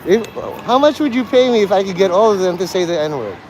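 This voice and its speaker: A man's voice: high-pitched, expressive, fast talker, darkish tone, a little hiss or hum, low-quality recording. A man livestreaming outdoors on a city street, rambling crudely and joking provocatively.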